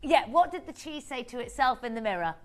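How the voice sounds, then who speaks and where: A woman's voice: fairly high pitch, big pitch swings, fast talker, soft background music. A woman presenting on a live shopping channel, chatting in a playful, giggly way and telling jokes in a TV studio. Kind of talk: lively live TV chat.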